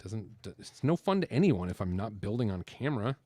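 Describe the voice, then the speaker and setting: A man's voice: lowish voice, very animated, a little fast, few pauses, dark tone, breathy edge, no room sound. A man hosting a casual building video, talking his way through the build in a chatty, rambling way with lots of fillers. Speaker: host building LEGO on camera.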